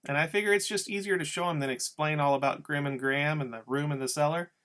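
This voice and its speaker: A man's voice: fairly high pitch, fairly even intonation, fast talker, a bit bright. Man casually reading a novel aloud. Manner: casual first-person storytelling. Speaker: audiobook reader.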